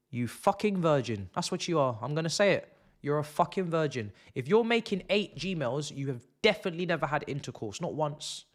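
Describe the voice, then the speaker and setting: A young man hosting a live football watch-along, talking sarcastically and swinging between muttered asides and loud rants. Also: on the high side, animated, moderate pace.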